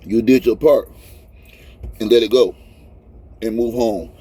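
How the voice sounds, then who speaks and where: A man in his fifties talks through tears in a loose, rambling vlog from the cab of his truck. His voice sits low and mellow, with a husky edge. He is earnest and keeps circling back to the same points. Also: slow pace. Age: 50s. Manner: rambling, heartfelt, repeats himself. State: crying. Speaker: truck driver vlogger. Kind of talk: casual emotional vlog talk.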